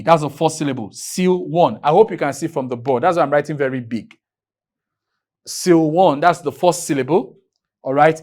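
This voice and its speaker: A man from Nigeria teaching an English grammar lesson in a classroom, writing on a board, drawing out key words and firing questions at his students. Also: a little high. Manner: drawn-out, emphatic teaching with repeated questions to students.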